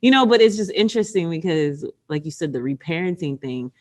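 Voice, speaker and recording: A woman in her thirties co-hosting a parenting podcast, chatting casually and telling animated stories with acted-out screams and quoted voices. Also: fairly low pitch, fairly quick. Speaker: podcast co-host. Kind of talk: casual chat.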